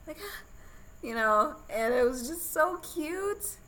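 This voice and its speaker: A woman's voice: high-pitched, lively intonation, takes it slowly, bright, forceful tone, a little hiss or hum, poor audio. A woman guest on a podcast telling her birth story in a candid, chatty way, laughing often.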